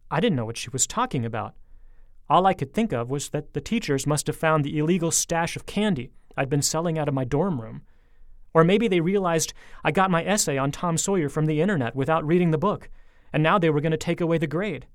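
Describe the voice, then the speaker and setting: A man narrating an audiobook with lively, expressive storytelling. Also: a little high, a little fast, no echo, clean studio sound. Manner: lively storytelling, speeding up in tense moments.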